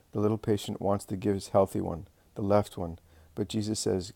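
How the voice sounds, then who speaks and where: A man giving an earnest, measured scripted reading of a religious narrative. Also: fairly low pitch, fairly even intonation, mellow, dry recording.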